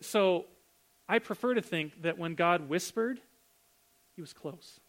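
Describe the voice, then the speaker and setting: A man preaching a sermon in a conversational, animated way, full of rhetorical questions. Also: sits high, measured pace.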